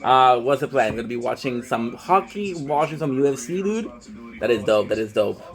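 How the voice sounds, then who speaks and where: A man's voice: medium pitch, expressive, normal speed, low-quality recording. A man chatting casually on a phone live stream, rambling loosely, swearing freely and greeting viewers by name.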